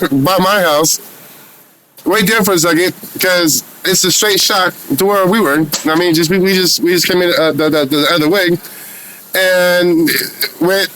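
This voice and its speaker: Smooth-voiced man telling a heated story. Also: high-pitched, bright, forceful tone, rough recording. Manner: heated, profane, with many restarts. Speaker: vlogger recounting an encounter. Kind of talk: casual first-person storytelling.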